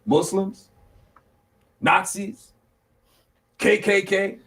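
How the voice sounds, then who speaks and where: High-voiced man hosting a Bible study. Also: extremely slow. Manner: lively, jokey, acts out scenes in character. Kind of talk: casual Bible teaching.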